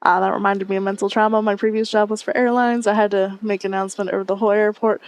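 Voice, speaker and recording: A woman's voice: mid-range voice, level tone, fast talker, few pauses, no room sound. A woman streamer chatting casually with her viewers on a headset mic, reading and answering chat and laughing often.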